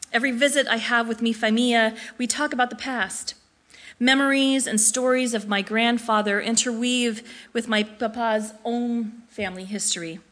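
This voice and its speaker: A woman reading her own personal essay aloud in a reflective, measured way. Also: a little high, pushed and bright. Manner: reflective, measured, with brief slips and restarts. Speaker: narrator.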